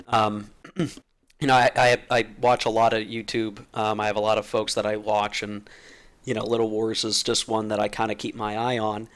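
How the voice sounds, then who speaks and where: A man hosting his own channel, musing in a loose, informal essay with lots of fillers and restarts, still getting over being sick. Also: on the low side. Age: adult, played since teenage years through college. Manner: rambling, with many fillers and restarts. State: recovering from being sick, clearing throat. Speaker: channel host.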